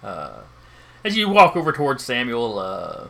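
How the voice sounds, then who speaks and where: A man's voice: mid-range voice, huge pitch swings, unhurried, vocal fry, pushed and bright. A man running a tabletop role-playing game as game master, narrating hesitantly with many fillers.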